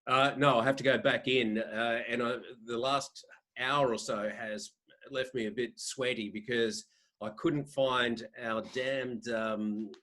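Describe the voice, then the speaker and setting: Australian man, fifties, guest on a podcast, loose rambling storyteller, average pitch. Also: fairly even intonation, measured pace, fairly bright tone. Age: 50s. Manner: rambling anecdotal, frequent restarts. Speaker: podcast guest, sports editor. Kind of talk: casual interview storytelling.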